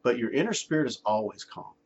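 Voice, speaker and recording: Husky lively man teaching spirituality. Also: fast. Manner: conversational, emphatic, acts out quotes in a high voice. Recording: dull lo-fi sound.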